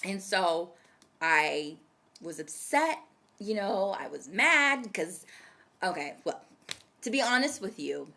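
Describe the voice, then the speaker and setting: Animated, bright-voiced young woman storyteller. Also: mid-range voice, slow, gravelly, long pauses. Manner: animated, dramatic storytelling that addresses viewers directly. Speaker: vlogger. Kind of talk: casual storytelling to camera.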